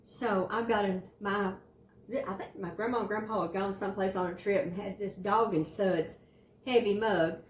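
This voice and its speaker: Southern woman, cooking-channel host, homey and encouraging, mid pitch, echoey kitchen sound. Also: fairly even intonation, normal speed, noisy background. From Southern United States. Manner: folksy, chatty, encouraging. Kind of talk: casual cooking demonstration. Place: home kitchen.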